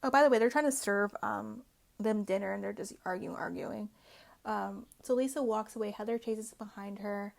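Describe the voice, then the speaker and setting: A woman's voice: medium pitch, normal speed, creaky. A woman hosting a casual reality TV recap, talking in a chatty way full of "like" and "um". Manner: chatty, peppered with "like" and "um".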